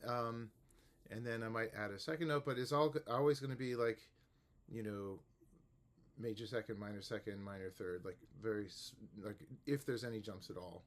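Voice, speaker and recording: Male music teacher, casual explainer, rambling and relaxed. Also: on the low side, normal speed. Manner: relaxed, rambling, many fillers and restarts. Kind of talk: casual instructional talk to camera.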